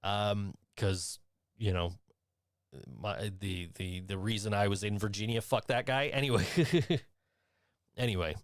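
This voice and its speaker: A man's voice: on the low side, a little slow, no room sound, clean studio sound. A young man from Western New York hosting a show, rambling in casual chat with wry, profane asides. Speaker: podcast host and voice actor.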